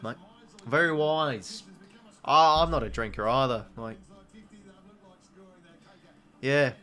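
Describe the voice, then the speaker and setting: Young Aussie stream host, twenties, medium voice, relaxed rambling delivery, answers chat as he goes. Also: medium pitch. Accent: Australian. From Australia. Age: 20s. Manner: chatty, reads viewer comments, says "mate" often. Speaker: livestream host. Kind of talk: casual live watch-along chat.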